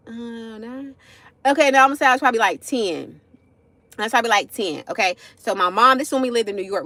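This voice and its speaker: A woman's voice: medium pitch, a bit bright, no echo. A woman, telling a casual story on a livestream, chatty, addressing viewers as y'all, with frequent asides. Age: 40s.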